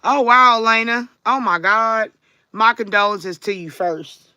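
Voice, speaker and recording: Bright, crisp-voiced woman hosting a stream. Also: medium pitch, unhurried, dry recording, highs cut off. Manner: chatty, greets and answers commenters by name. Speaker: tarot reader and livestream host. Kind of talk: casual livestream chat.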